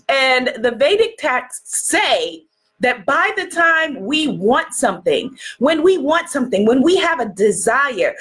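A high-pitched woman hosts a spiritual livestream. She talks in an effusive, animated way, laughs often and calls out greetings to her viewers. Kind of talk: inspirational livestream talk.

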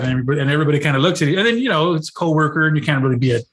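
A man's voice: on the high side, rapid-fire, fairly bright tone. A man co-hosting a casual chat podcast, swearing freely, laughing often, and acting out coworkers in put-on voices. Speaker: podcast co-host.

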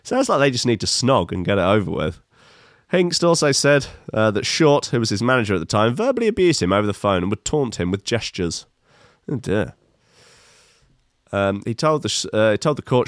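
A man's voice: on the low side, sing-song, moderate pace, no room sound, clean studio sound. A man in his fifties reading odd news stories and adding wry, rambling comic asides, with many fillers. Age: 50s. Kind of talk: casual comic news commentary.

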